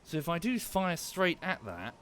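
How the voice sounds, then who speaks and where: A man's voice: on the high side, big pitch swings, normal speed, fairly bright tone, a little hiss or hum. A man streaming a game from home, thinking aloud in casual commentary with muttered asides and self-corrections. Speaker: gaming streamer.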